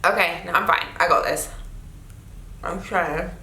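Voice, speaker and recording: A woman's voice: fairly low pitch, fairly even intonation, unhurried, background noise. A young woman with a South African accent, chatting casually through a food taste-test vlog, exclaiming a lot. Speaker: vlogger. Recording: echoey room.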